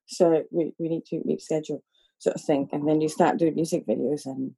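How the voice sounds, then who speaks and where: Spanish woman, Scottish-tinged accent, podcast guest, soft husky mellow voice, laughs a lot. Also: low-pitched, fairly even intonation, brisk. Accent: Spanish with a Scottish lilt. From Spain. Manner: laughs often, rambling with restarts. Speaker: podcast guest, focus puller. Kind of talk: casual interview chat.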